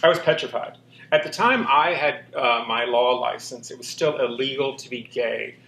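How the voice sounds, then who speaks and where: A man's voice: medium pitch, moderate pace, vocal fry, pushed and bright, slight background noise. A man with a slight lisp being interviewed, telling his personal story openly and earnestly with frequent ums and restarts. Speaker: interview guest. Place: walk-in closet, indoors. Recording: roomy room echo.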